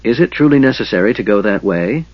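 A man voicing a gentle, soft-spoken female priestess in an audiobook, calm and husky. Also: lowish voice, fast talker, dry recording, muffled recording.

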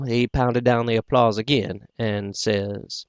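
A man narrating a folksy first-person story in a plain, unhurried way for an audiobook. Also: medium pitch, fairly even intonation, smooth, no room sound.

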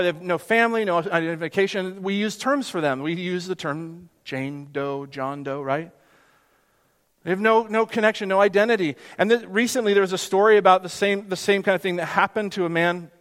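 Pastor, male, high-pitched, earnest preaching with quiet hushed moments; reverberant sanctuary. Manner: earnest, with sudden soft hushed drops for emphasis. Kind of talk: sermon. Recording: long hall reverb.

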